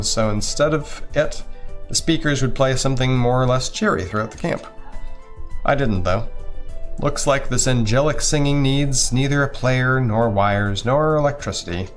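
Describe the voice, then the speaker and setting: A man reading a visual novel aloud as a let's play host, with a wry, sardonic delivery and occasional stumbles over words. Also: medium pitch.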